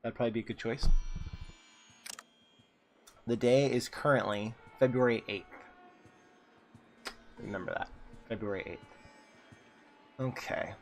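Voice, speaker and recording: Guy doing casual lets-play commentary, jokey, mid voice, quiet game music behind. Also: mid-range voice, measured pace, pauses often. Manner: chatty, jokey asides, reads game dialogue aloud. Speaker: gaming channel host. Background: faint game music.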